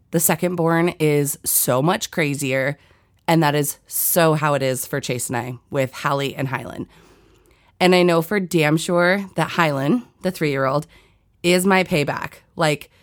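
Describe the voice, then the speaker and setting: A woman in her thirties hosting a podcast, telling stories in a casual, candid way, swearing freely and laughing often. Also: sits low. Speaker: podcast host. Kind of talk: casual storytelling monologue.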